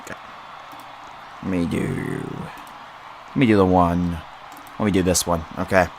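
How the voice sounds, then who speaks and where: A young man hosting a casual livestream into a boom-arm mic. He giggles often, rambles, repeats words and mocks himself. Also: fairly even intonation, measured pace, vocal fry, background noise. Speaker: livestream host.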